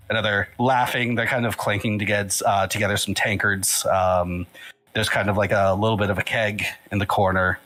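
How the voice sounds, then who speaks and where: A man with a lowish voice serves as game master for a tabletop game. He narrates loosely, with plenty of fillers and restarts. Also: normal speed, poor audio. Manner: relaxed, filler-heavy narration.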